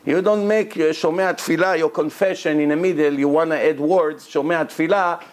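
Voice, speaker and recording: A man delivering a rabbinic lecture in an emphatic, insistent way, often repeating a word to drive it home. His voice sits a little higher than most men's. His grammar slips now and then. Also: a little fast. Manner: emphatic, repeats words for stress, non-native grammar; breaks into loud acted shouting of prayers and quotes. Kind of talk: Torah lecture to a congregation.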